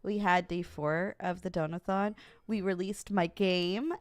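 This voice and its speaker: Here a young woman streamer chats animatedly with her viewers, laughing often and speaking straight to chat in a giggly way. Her voice is fairly low and unhurried, with no room sound and soft background music.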